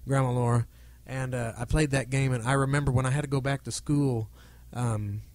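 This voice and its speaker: A man's voice: medium pitch, steady tone, brisk, a little mellow, dry recording. A man on a podcast recalling what made him cry, earnest and self-mocking. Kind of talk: casual chat.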